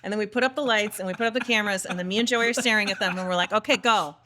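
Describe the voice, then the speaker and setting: A woman who runs a video marketing business, speaking as a podcast guest in a frank, animated way, acting out her clients in quotes. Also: mid-range voice, rapid-fire. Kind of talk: casual interview chat.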